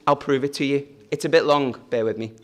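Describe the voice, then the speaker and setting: A man's voice: mid-range voice, steady tone, quick pace, over music. A man leading a family church service, talking in a chatty, joking way and asking the children questions. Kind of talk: informal family service talk.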